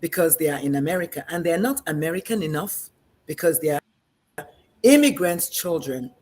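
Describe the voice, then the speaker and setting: Animated woman from Nigeria, middle-aged. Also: sits low, a little fast. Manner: animated storyteller, acts out quoted voices. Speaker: guest physician. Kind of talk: conversational discussion.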